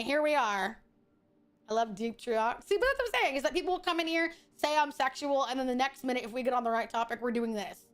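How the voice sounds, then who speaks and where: A woman's voice: high-pitched, expressive, brisk. A woman streamer chatting casually while gaming, blunt, profane and opinionated. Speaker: VTuber streamer.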